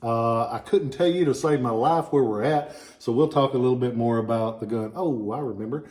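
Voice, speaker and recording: A relic dealer with a Southern US accent talks in a warm, dark, mellow voice at a middling pitch. He is chatty and wanders off on tangents, his sinuses a little stuffed up. He speaks from a small office. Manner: chatty and digressive. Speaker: relic dealer and shop owner. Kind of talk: informal product talk.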